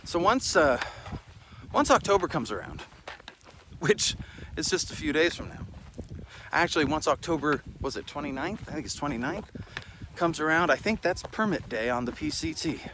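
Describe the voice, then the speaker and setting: This man's voice sits a bit high and is expressive, moving at normal speed with many pauses amid background noise. Out of breath and tired, he films himself on a handheld camera while hiking a desert mountain trail, rambling casually, mocking himself, and swearing now and then.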